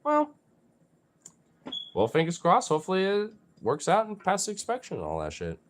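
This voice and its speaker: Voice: medium pitch, huge pitch swings, normal speed, a little hiss or hum. A vlogger talking casually, rambling with lots of fillers and playfully teasing and cursing at their pets. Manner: rambling, full of "you know" and "like". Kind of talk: casual vlog chat.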